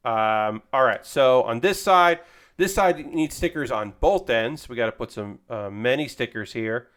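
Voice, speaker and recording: A man's voice: mid-range voice, moderate pace, fairly bright tone. A man hosting a casual livestream, chatting while he builds a model kit, rambling along and swearing now and then. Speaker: livestream host.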